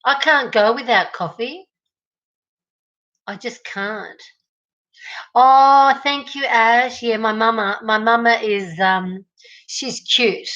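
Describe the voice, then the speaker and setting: With long pauses and a slow pace, an Australian woman hosts a casual livestream in her kitchen, reading viewer comments and greeting viewers by name. Her voice is on the high side and a bit bright, captured with lo-fi sound.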